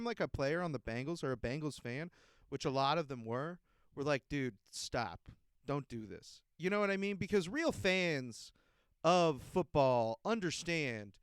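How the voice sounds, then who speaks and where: A man's voice: on the high side, smooth, dry recording, clean studio sound. A man hosting a podcast, ranting in a profane, heated and exasperated way. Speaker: podcast host. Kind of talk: casual ranting monologue.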